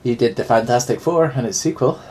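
A man's voice: medium pitch, a little fast, warm tone, slight background noise. A man with a dry sense of humour, reading out film facts on a casual podcast. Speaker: podcast co-host. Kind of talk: casual chat.

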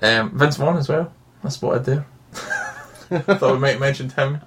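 A man co-hosting a casual film podcast, chatty and quick to giggle. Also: medium pitch, slight background noise. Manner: giggly, chatty, lively banter. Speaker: podcast co-host.

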